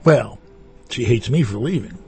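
A man's voice: mid-range voice, lively intonation, measured pace, a little mellow, faint music behind. A man hosting a radio show, chatting casually and telling wry, rambling stories into a studio microphone. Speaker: radio host. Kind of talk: casual chat.

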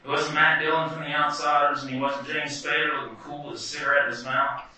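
A man performing a wry, animated first-person story live. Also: a little high, fast. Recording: echoey hall from far off.

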